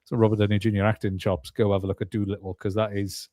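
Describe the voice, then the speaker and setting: A man's voice: on the low side, little pitch movement, fast, mellow, no room sound, studio quality. A British man hosting a casual podcast chat, talking with lots of fillers and restarts. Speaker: podcast host.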